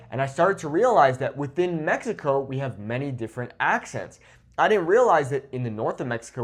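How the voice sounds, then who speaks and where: A Spanish teacher with a medium-pitched voice talks to the camera in a lively, informal style, regularly checking in with "okay?" and "right?".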